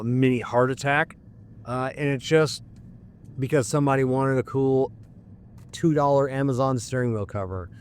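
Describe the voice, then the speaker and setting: A man's voice: mid-range voice, a little hiss or hum. A middle-aged man who works as a mechanic, hosting a podcast in a casual monologue and ranting bluntly with lots of swearing.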